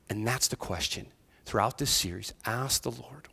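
A man preaching a sermon as pastor, talking conversationally and moving between hushed, near-whispered passages and raised, emphatic ones. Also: medium pitch, moderate pace, creaky, husky.

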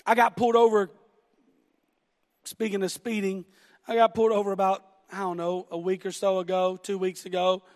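A man's voice: high voice, level tone, moderate pace. A middle-aged man with a Southern American accent preaching a sermon, telling a story about himself with self-deprecating laughter. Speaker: pastor. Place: church sanctuary. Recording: long hall reverb.

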